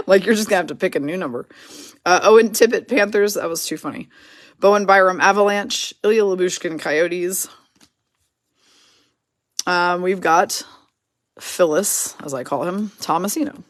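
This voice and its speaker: A woman hosting a live card break, quickly reading out player names and teams and chatting with viewers in the comments. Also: fairly low pitch, dry recording, clean studio sound. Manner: brisk, reads names and teams in quick lists, chats with viewers.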